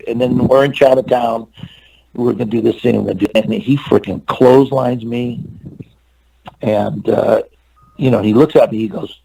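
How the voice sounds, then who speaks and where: A man's voice: mid-range voice, fairly even intonation, moderate pace, vocal fry, dark tone, a little hiss or hum, low-quality recording. A man in his sixties from California, an interview guest telling a long anecdote and acting out the dialogue, with many fillers and restarts. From California, USA.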